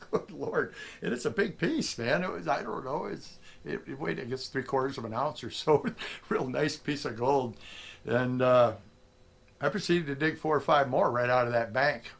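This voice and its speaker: A middle-aged prospecting vlogger tells a story casually and animatedly, acting out what the people in it said. His voice is mid-range with vocal fry.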